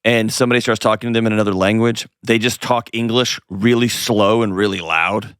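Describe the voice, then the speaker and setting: A man's voice: fairly low pitch, steady tone, a little fast, a bit bright, clear, resonant tone, no echo, studio quality. A man hosting an advice call-in show, talking in a direct, coaching way with playful asides. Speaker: host.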